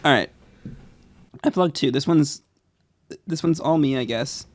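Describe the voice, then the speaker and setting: A man's voice: a little high, moderate pace. A man co-hosting a casual podcast, chatting and reading text aloud, often stumbling and repeating words. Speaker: podcast co-host and reader.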